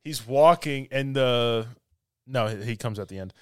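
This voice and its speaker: A man on a podcast excitedly retelling scenes from a film, laughing often as he talks. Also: mid-range voice, measured pace, crowd noise. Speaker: podcast co-host. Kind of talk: casual film review chat.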